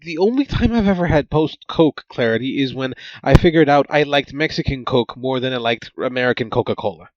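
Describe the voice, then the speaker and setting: A man's voice: mid-range voice, lively intonation, a little fast, few pauses, dry recording. A man casually recapping a movie on a podcast, joking with exasperated asides. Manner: jokey, exasperated asides, frequent laughs. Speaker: podcast host. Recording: dull lo-fi dry sound.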